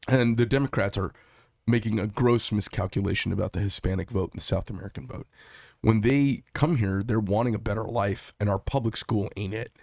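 Brief: middle-aged male host, low-pitched, opinionated and rambling, close dry sound. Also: fairly quick, vocal fry, darkish tone, no echo. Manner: passionate, rambling, opinionated with laughs. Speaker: talk show host. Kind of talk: political interview.

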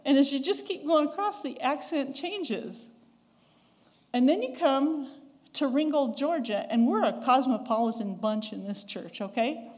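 A woman with a Western American accent preaches a sermon in an easy, conversational way, now and then chuckling and acting out what people said. Her voice sits a little high. The sound rings with the long reverb of a church sanctuary. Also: animated, measured pace, a little mellow. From western United States. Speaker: pastor.

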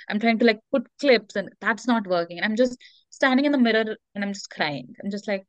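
Earnest woman, smooth dry voice. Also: medium pitch, brisk, no room sound. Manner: earnest, reflective, many fillers. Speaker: interview guest. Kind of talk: candid conversational interview.

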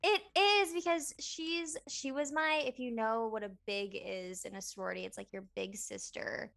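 A woman's voice: on the high side, fairly even intonation, moderate pace, creaky, a bit bright. A woman in her twenties co-hosting a podcast, chatting casually and rambling with lots of fillers and giggles. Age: 20s. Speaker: podcast co-host. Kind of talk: casual chat.

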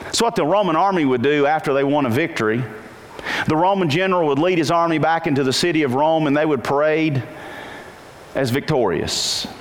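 A male pastor preaching a sermon, questioning his listeners often and slowing down to stretch quoted lines in a singsong voice. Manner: animated, singsong quoting with big pitch jumps and slowed emphasis; asks the congregation frequent questions. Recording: long reverb and faint noise in a hall.

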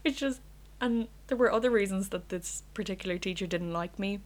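A young Irish woman hosts a casual solo podcast from her bedroom, speaking a little fast in a medium pitch. She's candid and rambling, and she swears freely.

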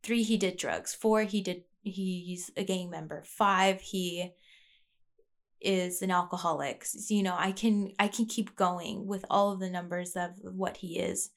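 A woman's voice: lowish voice, steady tone, unhurried. A young woman talking alone into her podcast mic, rambling and reflective, full of fillers and restarts. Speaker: podcast host. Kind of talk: casual personal monologue. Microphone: plugged-in podcast mic.

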